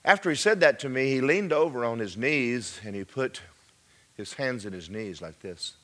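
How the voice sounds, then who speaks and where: A man preaching a testimony sermon, jumping from high loud cries to hushed whispers. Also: expressive, moderate pace.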